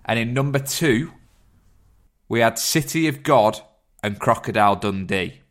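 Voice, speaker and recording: A man co-hosts a film podcast. He talks in an upbeat, announcing way at a medium pitch. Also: expressive, unhurried, fairly bright tone. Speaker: podcast co-host. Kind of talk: casual chat.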